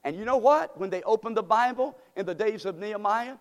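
High-voiced preacher in a reverberant church. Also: male voice, fairly quick. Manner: preaching with rising fervor, rhetorical questions to the congregation. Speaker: pastor. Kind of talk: sermon. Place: church sanctuary. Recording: long hall reverb in church.

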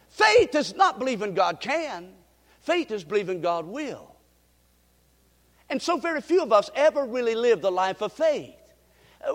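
Male preacher, high pitch, folksy storyteller who drives call-and-response, recorded in a reverberant church. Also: a bit bright. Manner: folksy storytelling with frequent restarts. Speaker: pastor. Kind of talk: sermon. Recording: long reverb of a church hall.

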